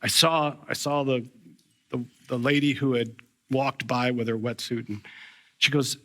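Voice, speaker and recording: A man's voice: medium pitch, fairly even intonation, unhurried, a bit bright. A middle-aged man preaching a sermon as a pastor, telling a personal story in a conversational way with frequent restarts.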